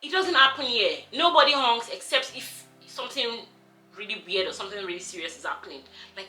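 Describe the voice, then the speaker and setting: A young woman from Nigeria with a Nigerian accent, chatting casually in a vlog, animated and quick to laugh, with lots of "like" and "you know". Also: medium pitch, reverberant, low-quality recording. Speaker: vlogger.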